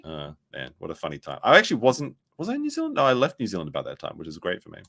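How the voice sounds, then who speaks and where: A man's voice: medium pitch, huge pitch swings, very fast, gravelly, a bit bright. A man giving casual, rambling reaction commentary, full of fillers. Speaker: commentary streamer.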